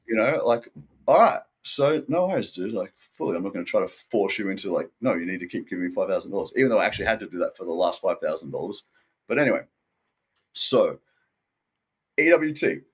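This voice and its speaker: A man's voice: fairly low pitch, sing-song, brisk, breathy edge. A man being interviewed, rambling in a laid-back way, saying "dude" and "like" a lot and acting out what others said. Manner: acts out quoted people in his story. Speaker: interview guest. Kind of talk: casual interview chat.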